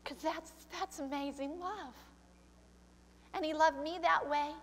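A woman's voice: high-pitched, fairly even intonation, unhurried, in a large hall, slight background noise. An older woman pastor preaching a sermon, emotional and tearful, slipping into prayer. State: crying. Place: church sanctuary.

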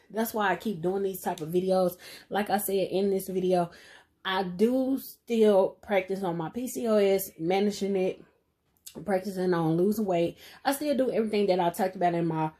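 Chatting directly to her audience during a makeup tutorial, this young beauty vlogger has a medium-pitched voice and pokes fun at herself in a casual way. There's no room sound on her voice, though loud hip hop music plays in the background.

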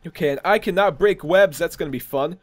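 A man hosting a gaming video, giving casual commentary in an excitable, jokey way and laughing at his own bad puns. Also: on the high side, a little fast.

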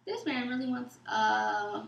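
A woman guest telling a story in a casual chat, animated and acting out what others said, in loose informal speech. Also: on the high side, slow, vocal fry, lo-fi sound. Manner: animated, acts out quoted texts and dialogue. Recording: echoey room.

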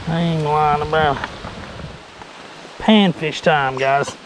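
Fishing outdoors on a lake, a late-thirties man from Tennessee talks to camera slowly in a fairly high, fairly even voice with a Southern accent. He's a chatty, jokey vlogger who rambles and laughs nervously, while heavy rain pounds his action camera.

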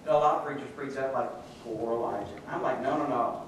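A man's voice: mid-range voice, steady tone, rapid-fire, slight background noise. A middle-aged male pastor preaching a sermon, telling the story and acting out the quoted voices. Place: church sanctuary. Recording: echoey hall from far off.

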